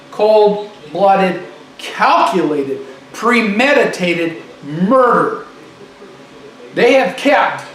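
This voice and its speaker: High-voiced man ranting in an echoey room. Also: a bit bright. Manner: emphatic, repeats phrases for stress. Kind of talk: political monologue. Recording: echoey room, distant mic, faint noise.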